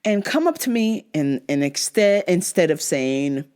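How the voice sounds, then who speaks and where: A woman's voice: very animated, unhurried, a little mellow, clean tone. A woman hosting her own show, telling a story in a blunt, profane, casual rant. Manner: blunt and profane, big swings in pitch. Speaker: show host.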